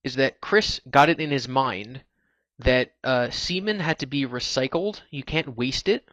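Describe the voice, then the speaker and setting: Measured in pace, with a medium pitch and a slightly bright, echo-free sound, this man hosts a relaxed live stream as a podcast host. He rambles through long, chatty explanations, full of restarts and repeated "like"s.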